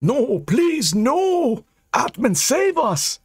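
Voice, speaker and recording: Casting: man doing a jumpy young archer, high and urgent, fantasy audiobook. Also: very animated, normal speed, fairly bright tone, no echo, clean studio sound, exaggerated voice. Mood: horrified. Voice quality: high, tense. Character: alarmed young male archer, brash.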